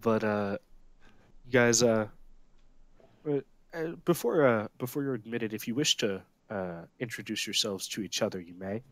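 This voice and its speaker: A man narrating as game master for a tabletop game, pausing often with filler sounds as he describes scenes. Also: fairly low pitch, no room sound. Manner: halting, frequent "uh" fillers.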